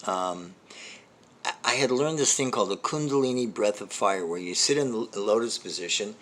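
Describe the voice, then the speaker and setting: A man's voice: on the low side, moderate pace, a bit bright. An older man and comedy host telling a long personal story in a rambling, self-deprecating way, with many restarts and asides. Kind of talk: storytelling monologue.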